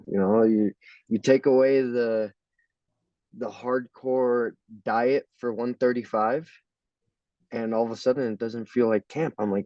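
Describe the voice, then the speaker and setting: A man's voice: mid-range voice, steady tone, measured pace, mellow, dry recording, muffled recording. A young man in a casual interview, laughing and acting out quotes as he tells stories. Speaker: fighter.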